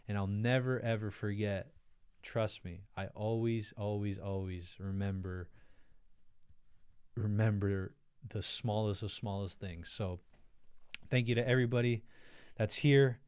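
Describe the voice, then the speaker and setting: A man's voice: on the low side, a little mellow, smooth, no echo, clean studio sound. A man hosting a casual livestream, reading viewer comments aloud, laughing often and thanking his viewers effusively. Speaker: livestream host.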